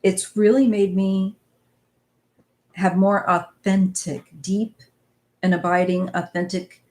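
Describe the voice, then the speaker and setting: A woman's voice: medium pitch, slow. Chatty Midwestern woman, slight twang. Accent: Midwestern American, slight northwest Missouri twang. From northwest Missouri, US Midwest. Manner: relaxed, chatty, laughs easily, trails off in asides. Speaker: tarot channel host. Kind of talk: casual chat.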